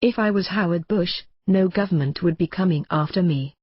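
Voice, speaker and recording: A man's voice: high-pitched, moderate pace, husky, dry recording, lo-fi sound. A man reading his own memoir as audiobook narration, in a brash, mocking and combative rant. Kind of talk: audiobook narration in a ranting radio voice.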